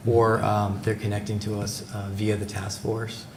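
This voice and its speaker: A man's voice: lowish voice, monotone, moderate pace. A man giving a formal presentation at a public meeting, hesitant, with many fillers and restarts, on a table microphone in an echoey meeting room with background noise. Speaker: presenter for a company's supplier outreach.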